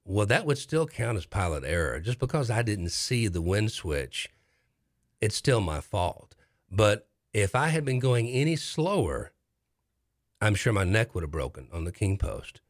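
A man telling a story in casual chat, rambling and halting with many restarts. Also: fairly low pitch, dry recording, clean studio sound. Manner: animated storyteller.

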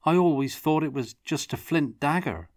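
A distraught young man, his voice pitched up and pushed loud as he pleads and demands answers, read out by a man narrating. He sounds earnest and restless, questions tumbling out. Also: normal speed, dry recording, studio quality, close to an everyday voice. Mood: questioning. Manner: pleading, raised voice. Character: young man, eager and upset.

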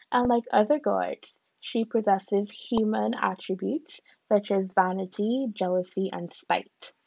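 A woman's voice: mid-range voice, gravelly, dark tone, dry recording, highs cut off. A woman hosting a podcast from a room at home, reading aloud and musing in a chatty way with lots of "like" and "you know". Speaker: podcast host. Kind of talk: casual podcast talk mixed with reading aloud.

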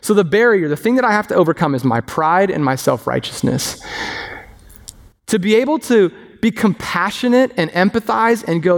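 A man preaching a sermon as pastor, animated and acting out the voices of others. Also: high-pitched, normal speed, creaky. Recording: long reverb of a hall.

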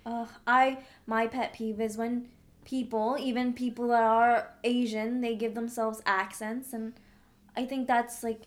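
Brief: young woman co-host, candid and emphatic, voice sits a little high. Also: flat delivery, a little slow. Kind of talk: casual chat.

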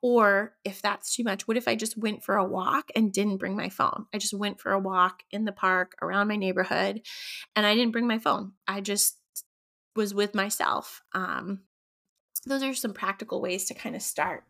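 A woman hosting her own podcast as a coach, talking in a gentle, reflective way with frequent ums. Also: medium pitch, fairly even intonation, moderate pace, vocal fry. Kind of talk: casual solo podcast talk.

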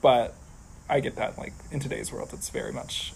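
A man telling stories in a casual podcast chat, animated and teasing, with a lively delivery. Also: medium pitch, normal speed, vocal fry, slight background noise, low-quality recording. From United States. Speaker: podcast guest.

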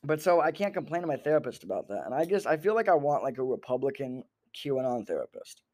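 A man's voice: medium pitch, fast talker. Profane, rambling male comedian. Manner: profane, animated, jumps between topics. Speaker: podcast host, comedian.

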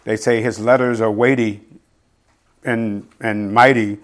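A middle-aged man preaching a sermon in a conversational teaching style, reading scripture slowly and asking his listeners "right?". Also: on the low side, level tone. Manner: quotes scripture slowly and deliberately. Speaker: pastor.

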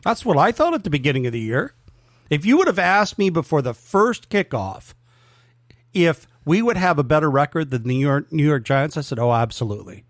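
Male co-host, devil's advocate, animated and a bit high, dry. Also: normal speed, no room sound. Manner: argumentative, playing devil's advocate. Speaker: sports talk co-host. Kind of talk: sports talk debate.

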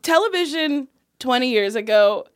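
A woman comedian, a guest on a casual podcast, joking loudly and playfully. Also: high voice, animated, moderate pace, dry recording, studio quality. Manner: loud, playful, jokey.

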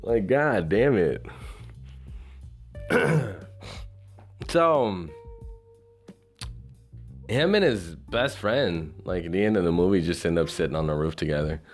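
A man with a lowish voice rambles casually about a movie, his pitch jumping around with animated swings. He swears a lot and leans on "you know" and "like". Faint music plays in the background. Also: slow, long pauses. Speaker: movie reviewer.

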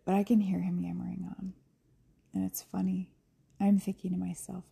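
A woman's voice: on the low side, flat delivery, moderate pace, creaky, warm tone, slightly rough. A middle-aged woman hosting a podcast from home, chatting casually and rambling, often laughing and slipping into whispers. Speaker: podcast host. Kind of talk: casual chat.

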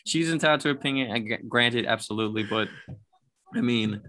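A woman with an unusually low voice co-hosts a casual podcast, talking bluntly and with exasperation while she stammers through restarts. Her tone is bright and forceful. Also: a little fast. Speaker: podcast co-host. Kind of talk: casual chat.

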